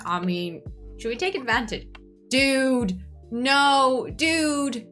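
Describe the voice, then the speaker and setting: A woman's voice: high-pitched, measured pace, faint music behind. Gushing young woman narrating gameplay. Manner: gushing, excitable, talks to viewers. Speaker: gaming YouTuber. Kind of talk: casual gameplay commentary.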